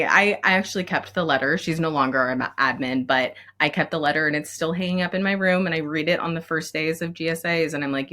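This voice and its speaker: A woman with a low voice talks as a guest on a podcast. Her conversation is candid and expressive, she laughs easily and grows emotional at times. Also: quick pace, hardly any pauses. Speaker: elementary school counselor, guest.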